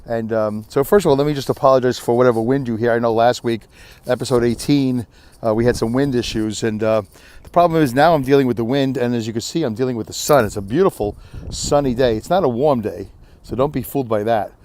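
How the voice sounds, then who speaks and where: A middle-aged man speaks at an ordinary pitch in a tired, rambling way, like an outdoor vlog shot on a handheld camera. His talk is candid and a little self-mocking, with plenty of fillers. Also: fast, darkish tone. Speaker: vlogger. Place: windy beach outdoors.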